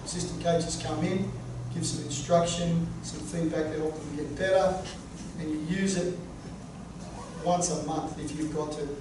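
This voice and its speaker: Animated man giving a coaching workshop. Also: fairly high pitch, measured pace. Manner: animated, joking, punchy. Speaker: sports coaching presenter. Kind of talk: workshop talk. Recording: echoey room, far from mic, noisy.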